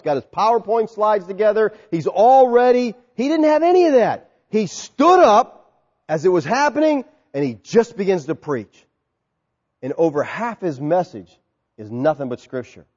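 A man preaching a sermon as pastor, animated and dramatic, acting out voices of a crowd. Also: high-pitched. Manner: soft, quiet prayer. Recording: long hall reverb, dull sound.

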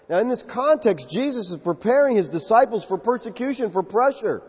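A man's voice: sits high, lively intonation, fairly quick, few pauses, darkish tone, slightly rough. A man with a Southern US accent preaching a sermon, emphatic and acting out quotes in character. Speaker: pastor. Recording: muffled, echoey hall.

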